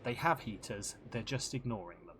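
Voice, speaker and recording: Animated, swearing male game streamer. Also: mid-range voice, normal speed, a little hiss or hum. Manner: animated, swearing, chatty, muttering to himself. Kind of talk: casual live-stream chat.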